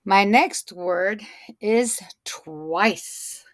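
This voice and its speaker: A woman teaches a phonics lesson at an unhurried, careful pace, drawing out and repeating each word for young learners. Her voice sits at an ordinary middle pitch and is recorded close and dry, with no room sound. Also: a bit bright, no echo. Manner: slow, deliberate, stretches and repeats words.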